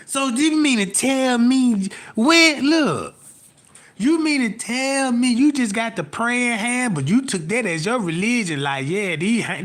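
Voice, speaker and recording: A man with a high, bright, sharp voice rants in a loose comic monologue. He swears freely, drifts from one topic to the next, and keeps asking whether listeners follow him. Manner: profane, repeats "you know what I'm talking about". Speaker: live streamer.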